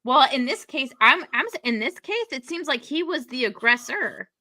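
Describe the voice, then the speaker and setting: A woman's voice: high-pitched, animated, moderate pace, sharp tone, no room sound. A woman talking in a casual podcast chat, outspoken and swearing when upset.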